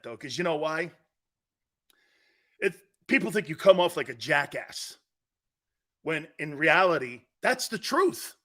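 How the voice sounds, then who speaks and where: Blunt, animated male sports talk host. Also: extremely high pitch. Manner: blunt, combative, mocking imitations of others. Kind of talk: opinionated sports radio rant.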